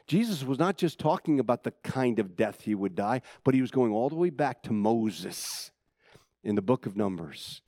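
A man preaching a sermon to his church, dramatic and swinging from loud excitement to hushed intensity, with conversational asides to the congregation. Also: medium pitch, normal speed, no room sound, studio quality. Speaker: pastor.

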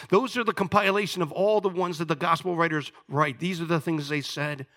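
A man pastor preaching a sermon, animated, swinging from loud declarations to hushed asides. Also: sits high, fairly quick, hardly any pauses.

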